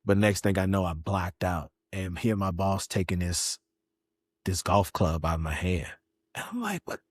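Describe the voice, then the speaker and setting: A middle-aged man telling his own story as a podcast guest, animated, jumping into other people's voices as he acts them out. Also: sits low, normal speed, breathy edge, no echo, clean studio sound. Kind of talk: candid personal storytelling.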